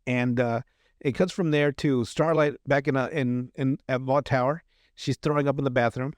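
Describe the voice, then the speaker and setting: In a clean, dry studio recording, a male podcast host with a medium-pitched, steady voice talks at normal speed. He casually recaps a TV episode, rambling through many fillers and restarts while laughing often.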